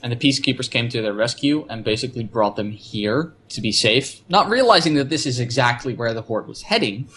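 A man's voice: mid-range voice, animated, brisk, hardly any pauses, pushed and bright, husky. Reflective man in casual chat. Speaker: podcast co-host recapping a TV episode.

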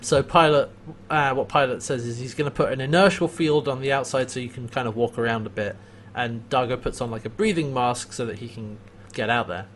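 A man's voice: mid-range voice, fairly quick, a bit bright, a little hiss or hum. A man co-hosting a casual podcast, animatedly retelling a TV episode, acting out quotes and laughing often. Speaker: podcast co-host recapping a TV episode. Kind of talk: casual chat.

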